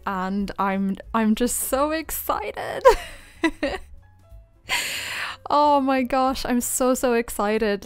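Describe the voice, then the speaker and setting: A woman streaming a life-sim game, gushing and giggling, close to tears with excitement. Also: medium pitch, smooth, dry recording. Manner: giggly, gushing, laughs often. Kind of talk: excited livestream chat.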